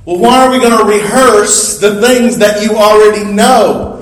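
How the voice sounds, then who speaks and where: A man's voice: high-pitched, fairly even intonation, unhurried, roomy sound, rough recording. A man preaching a sermon earnestly, explaining and repeating key phrases with small restarts. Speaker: pastor.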